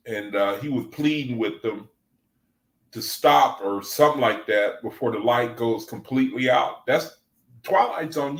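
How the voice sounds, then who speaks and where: A man's voice: mid-range voice, reverberant, low-quality recording. A man leading a Bible study in a casual livestream talk. He speaks loosely and conversationally, often adding "man," and reads scripture passages aloud between his remarks. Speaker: Bible study group leader. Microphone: desk microphone.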